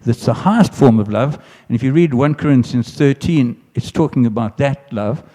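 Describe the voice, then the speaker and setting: A man's voice: medium pitch, moderate pace, warm tone. A man preaching a sermon in an earnest way, often restarting phrases and lifting his voice for emphatic quoted lines. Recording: long hall reverb.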